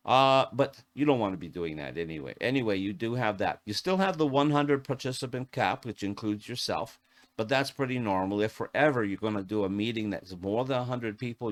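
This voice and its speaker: A man teaching as an AV technician in a casual, chatty tutorial, often stopping to restart a phrase. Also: fairly low pitch. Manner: chatty, self-interrupting with fillers and restarts. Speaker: AV technician instructor.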